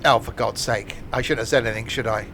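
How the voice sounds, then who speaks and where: Faint music and a steady underlying noise accompany a fast-talking man with a mid-range voice. He's live-streaming a train simulator, chatty and jokey, laughing often as he replies to viewers.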